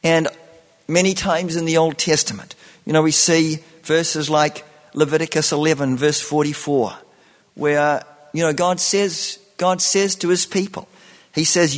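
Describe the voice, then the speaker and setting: Man, preacher, sermon, unhurried delivery, slightly high voice, long echo of a large hall. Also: steady tone. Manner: slow, repetitive preaching with many "you know" fillers.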